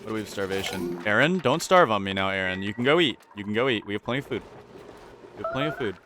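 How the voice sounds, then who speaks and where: Fast and lively in intonation, this man's lowish voice belongs to a gaming YouTuber doing gameplay commentary. He sounds anxious, repeats himself, and talks to his characters, with a faint hiss behind him.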